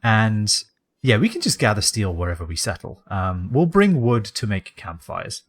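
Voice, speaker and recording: Lively man rambling over a game. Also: lowish voice, moderate pace. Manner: rambling and jokey, drifting into put-on accents. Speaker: game streamer. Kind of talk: casual let's-play commentary.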